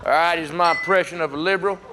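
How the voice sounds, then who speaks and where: A man's voice: a little high, fairly even intonation, fast. A man doing a stand-up comedy set on a club stage, punchy and playfully crude, with an audience laughing. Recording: live club with loud crowd and noise.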